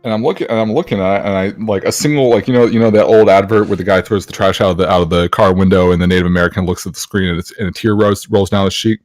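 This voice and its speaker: A man's voice: low-pitched, fairly even intonation, rapid-fire, few pauses, a little mellow, no room sound, clean studio sound. A man co-hosting a podcast, telling a story in a rambling, hesitant, mock-dramatic way. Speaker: podcast co-host. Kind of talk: casual comedic storytelling.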